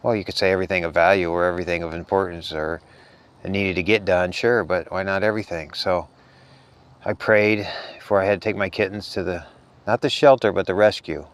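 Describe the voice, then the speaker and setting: Deep smooth-voiced man, earnest and rambling. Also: steady tone, a little fast. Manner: earnest, rambling, soft-spoken. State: tired. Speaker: spiritual vlogger. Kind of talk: casual spiritual monologue.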